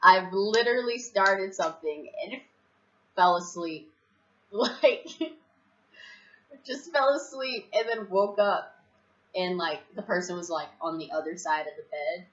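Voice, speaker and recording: Low-voiced woman telling a lively story. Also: normal speed, lo-fi sound. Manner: animated, laughs often, acts out her past reactions. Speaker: vlogger. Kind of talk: casual storytelling.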